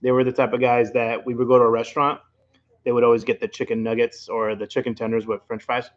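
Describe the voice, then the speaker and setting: A man's voice: mid-range voice, flat delivery, fast talker. Man, Rhode Island accent, chatty rambling livestream host, slightly dull lo-fi sound. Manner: rambling, chatty, talks straight to viewers. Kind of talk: casual late-night livestream chat. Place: at home.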